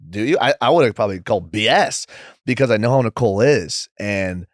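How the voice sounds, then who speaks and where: A young man talking as a podcast guest in a rambling, casual way, saying "like" a lot and quoting others in lively voices. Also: fairly low pitch, fairly quick, no echo, studio quality. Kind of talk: casual interview chat.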